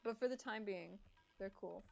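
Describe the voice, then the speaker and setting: A woman's voice: mid-range voice, normal speed, creaky, a little mellow, lo-fi sound. A woman streaming live who chats casually with her viewers and answers their messages, sounding slightly congested. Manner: chatty, reading and answering chat.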